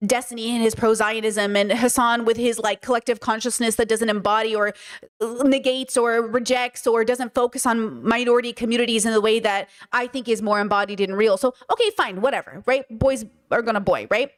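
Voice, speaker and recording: Emphatic woman streamer, fairly high voice. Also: brisk. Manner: emphatic, animated, many fillers like "you know what I mean". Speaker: podcast host. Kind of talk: livestream commentary reading chat comments.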